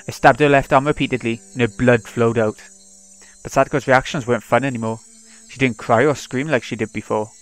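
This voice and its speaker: A man hosting a let's play, reading a visual novel aloud in a plain, steady way with brief asides of his own. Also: mid-range voice, normal speed. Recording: dry close mic with faint music.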